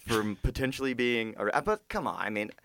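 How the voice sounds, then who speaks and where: A man's voice: medium pitch, moderate pace, fairly bright tone, a little hiss or hum. A man co-hosting a podcast in casual chat, laid-back, trailing off, and making wry quips. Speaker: podcast co-host.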